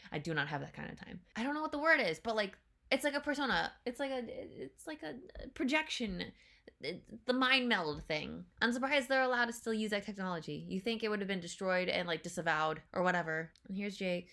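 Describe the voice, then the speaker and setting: Bright, excitable woman reacting to a trailer. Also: fairly low pitch. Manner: excitable, rambling, swears a lot, many fillers. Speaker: reaction video host. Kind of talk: casual chat reacting to a trailer.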